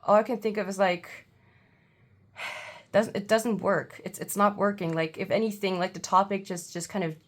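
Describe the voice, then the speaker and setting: A woman giving a casual pick-a-card tarot reading at home, halting and full of fillers, with blunt irritated outbursts. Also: mid-range voice, steady tone. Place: home, seated.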